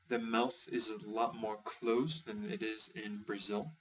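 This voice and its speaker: A man's voice: fairly low pitch, little pitch movement, measured pace, a little hiss or hum. A man teaching a language lesson in a chatty, explanatory way, with light jokes. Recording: distant from the mic.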